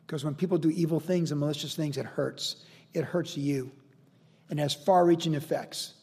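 A male pastor teaches a Bible passage verse by verse, earnest and conversational, with rhetorical questions. His fairly high voice carries a gravelly edge. It echoes with the long reverb of a large sanctuary. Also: steady tone, normal speed, a little mellow.

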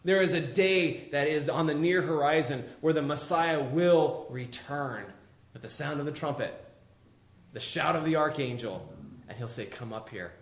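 A man preaching a sermon, moving between loud, urgent calls and hushed, low appeals. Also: normal speed. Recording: roomy echo.

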